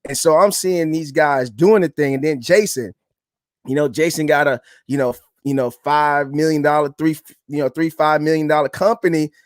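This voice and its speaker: A man's voice: fairly high pitch, steady tone, normal speed, dry recording, studio quality. A man in his thirties, a podcast co-host, telling a personal story in a casual, earnest and reflective way, often calling the listener "man".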